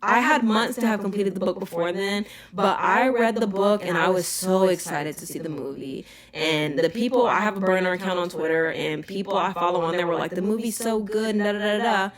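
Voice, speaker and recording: Animated woman ranting, crowd behind. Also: on the low side, a little fast, hardly any pauses. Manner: animated, emphatic ranting with frequent "okay?" asides. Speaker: podcast host. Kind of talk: casual chat.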